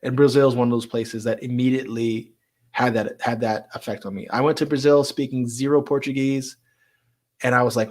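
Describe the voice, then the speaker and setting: A man's voice: medium pitch, steady tone, fairly quick, a little mellow. A man hosting a live stream in a casual, chatty way, laughing often and repeating words as he talks.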